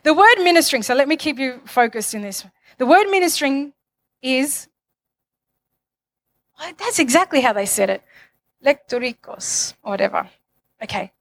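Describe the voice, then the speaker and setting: A woman's voice: sits high, animated, moderate pace, pauses often, a bit bright. A woman preaching a sermon, building to fervent declarations and calling on the congregation for amens. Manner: calls for amens.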